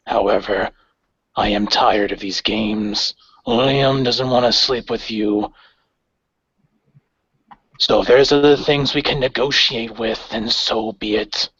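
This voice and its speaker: A man's voice: lowish voice, breathy edge, no room sound, pitched below the performer's own voice, full character voice. A man playing a cold menacing gang leader. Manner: measured, menacing calm. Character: grim cold male gang leader, phantom-like. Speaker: player voicing his character. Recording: dry, dull lo-fi recording.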